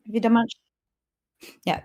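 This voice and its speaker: A woman live-streams a game, chatting casually with a teammate, greeting viewers, and laughing often. She speaks at a normal speed in a slightly mellow voice.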